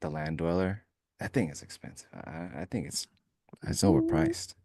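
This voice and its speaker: A man's voice: low-pitched, normal speed, no echo, studio quality. A man co-hosting a live futures trading stream, bantering casually and acting out little scenes with put-on quotes. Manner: joking, animated storytelling with put-on quotes.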